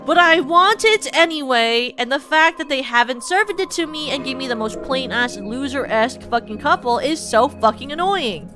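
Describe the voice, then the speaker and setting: A woman's voice: high-pitched, lively intonation, moderate pace, hardly any pauses, pushed and bright. A young woman streaming a game, ranting casually and swearing a lot. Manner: profane, ranting, exasperated. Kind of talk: casual gameplay rant. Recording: game music behind.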